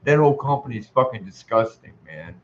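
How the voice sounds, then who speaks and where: A man's voice: medium pitch, expressive, a little fast, phone-quality sound. A man venting in an angry, profanity-laced monologue, exasperated and repeating himself. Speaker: vlogger.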